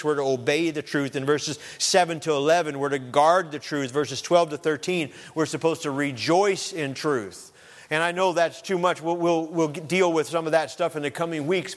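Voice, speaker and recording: A man's voice: a little high, long reverb tail. A man preaching a sermon as pastor, often restarting and repeating phrases.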